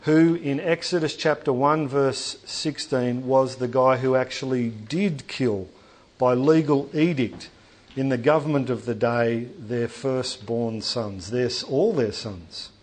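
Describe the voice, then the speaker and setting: A man preaching a sermon to a congregation in a church hall, conversational and animated, joking with the room. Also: medium pitch, slow pace.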